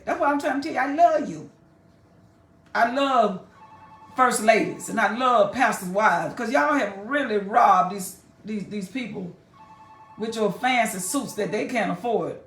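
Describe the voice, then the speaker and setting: A woman teaching a Bible chapter in a sermon, emphatic and folksy, talking straight at her listeners. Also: mid-range voice. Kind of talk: preaching Bible exposition. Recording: echoey room, mic far off.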